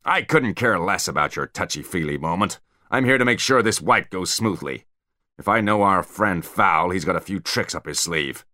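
A man's voice: sits low, expressive, moderate pace, pushed and bright, no echo, studio quality. A man voicing an impatient male fairy commander who barks his lines. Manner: barking.

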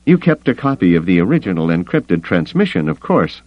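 A man voicing a sharp, skeptical male smuggler with a dry manner. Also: sits low, big pitch swings, fairly quick, dry recording, dull audio, pitched above the performer's own voice.

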